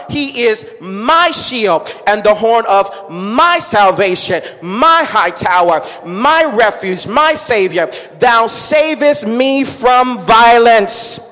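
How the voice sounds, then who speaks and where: A woman pastor preaching a sermon in a rhythmic style, calling out to the congregation and building to shouts. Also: mid-range voice. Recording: echoey hall with long reverb.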